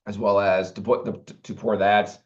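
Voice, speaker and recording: A man's voice: on the low side, little pitch movement, moderate pace. Rambling man on a dull, lo-fi recording. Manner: rambling, with many restarts and fillers. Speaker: vlogger. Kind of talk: casual monologue to camera.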